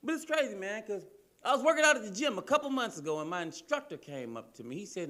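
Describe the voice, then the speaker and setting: A man from Cleveland doing a loud, profane, animated stand-up routine on a comedy club stage. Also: high voice, fast talker. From Cleveland, Ohio, US.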